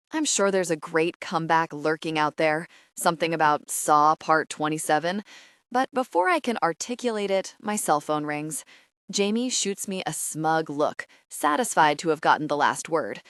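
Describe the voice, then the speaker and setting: A woman giving wry, expressive first-person narration of a romance audiobook. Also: sits low, normal speed, no echo, studio quality.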